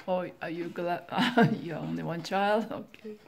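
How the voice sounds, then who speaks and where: Slow, gravelly-voiced middle-aged woman. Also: lowish voice, fairly even intonation, a little mellow, a little hiss or hum. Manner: simple, friendly questions, laughs often. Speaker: conversation teacher. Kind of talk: casual chat with children.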